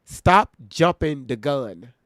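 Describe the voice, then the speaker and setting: A man's voice: on the high side, expressive, slow pace, fairly bright tone, dry recording, clean studio sound. A man hosting a reaction livestream, talking bluntly and with profanity straight to his viewers in casual chat.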